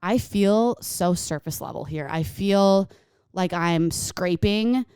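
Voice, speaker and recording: A woman's voice: lowish voice, slow, clear, resonant tone, no echo, clean studio sound. A woman in her twenties co-hosting a podcast, chatting casually and telling stories with lots of "like.". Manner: animated storytelling, frequent "like". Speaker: podcast co-host. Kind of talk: casual chat.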